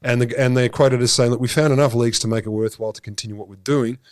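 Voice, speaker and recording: An Australian man co-hosting a science podcast, telling stories in an animated, sardonic way with swearing. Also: mid-range voice, fast, dry recording, studio quality. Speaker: podcast co-host. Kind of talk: casual comedic science chat.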